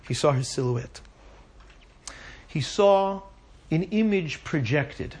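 A man's voice: on the high side, a little mellow, husky. A man teaching a Torah class to a live audience, talking conversationally and often checking in with asides like "right?".

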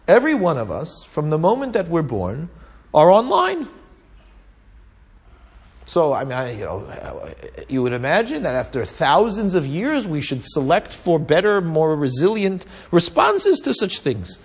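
A man whose voice runs on the high side, with a breathy edge, leads a Talmud class. He retells a story in lively Torah-class fashion, peppering it with Hebrew and Aramaic terms and often asking "right?"

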